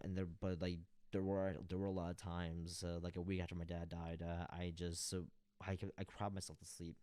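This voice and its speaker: A man's voice: low-pitched, a little mellow, no room sound. A young man reacting to a music video, talking casually and emotionally with many restarts and fillers.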